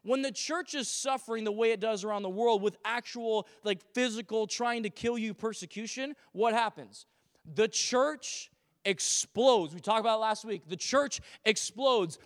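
A man from Canada preaching a sermon as a pastor to his congregation, animated, with humorous asides and acted-out quotes. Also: high-pitched, moderate pace, in a large hall. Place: church sanctuary.

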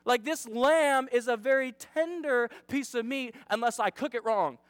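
Frazzled fuming hostess voiced by a man, high and melodramatic, dry close sound. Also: huge pitch swings, a little slow, no room sound, exaggerated voice. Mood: exasperated. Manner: exasperated, pleading, melodramatic. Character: frazzled woman host fuming over serving.

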